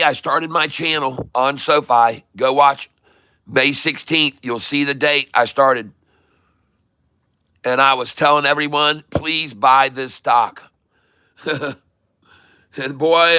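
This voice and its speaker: A man's voice: fairly high pitch, fairly even intonation, unhurried, pauses often, pushed and bright, smooth, no echo, clean studio sound. A man hosting a live stock-trading stream, teaching from the charts with playful, jokey banter and bits of joke French and Spanish. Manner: chart-pointing teacher, addresses viewers as folks.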